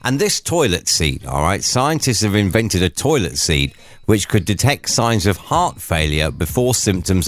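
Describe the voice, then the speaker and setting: A man hosting a drivetime radio show, chatting casually and cracking jokey asides. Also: low-pitched.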